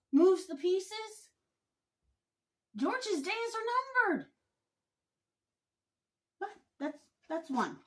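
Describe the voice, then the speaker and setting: A woman delivers an opinion commentary monologue with pointed indignation. Her voice sits high, and she takes her time and stresses each point deliberately. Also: fairly bright tone. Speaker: vlogger.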